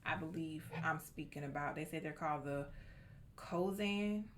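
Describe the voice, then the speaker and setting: A woman chatting on a podcast, animated, with loud outbursts and quiet asides. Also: low-pitched, moderate pace, soft background music. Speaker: podcast co-host. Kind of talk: casual chat.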